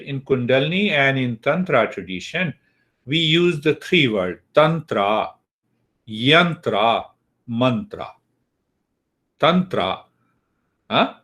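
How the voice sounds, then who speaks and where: This spiritual lecture on Eastern wisdom comes from a man whose voice is a little high and a bit bright. Teaching an online class through a computer mic, he frequently checks in with listeners and repeats key words.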